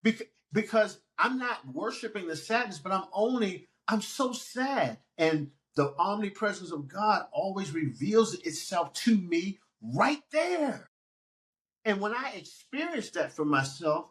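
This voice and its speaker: A man, a pastor and musician, talking on a podcast in an emphatic, preacherly way, quoting scripture and acting out talking to his own feelings. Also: moderate pace. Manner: emphatic, animated swings in pitch. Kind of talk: conversational podcast interview.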